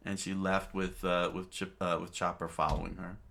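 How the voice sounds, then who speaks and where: A man narrating a manga aloud, halting and restarting often. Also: low voice, flat delivery, vocal fry, a bit bright. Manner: halting, many fillers and restarts. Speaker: reader, narrator. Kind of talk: unscripted manga read-aloud.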